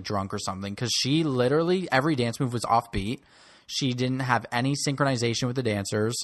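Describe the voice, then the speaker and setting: A young man hosts a solo commentary on pop music, snarky and blunt as he runs through the artists. His voice sits in a middle pitch. The sound is dry and close, with no room around it. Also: fairly bright tone, dry recording.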